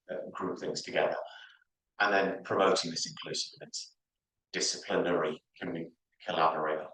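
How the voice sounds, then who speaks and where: A man presenting the closing slide of a conference talk in a casual, relaxed way. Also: low voice. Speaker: conference speaker. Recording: echoey lecture room.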